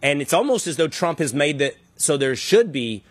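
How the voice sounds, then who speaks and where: A man hosting an interview, laying out his argument slowly with analogies and asking his guest to respond. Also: a little high, sing-song, dry recording. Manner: thoughtful, builds arguments with analogies. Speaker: podcast host. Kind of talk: conversational interview.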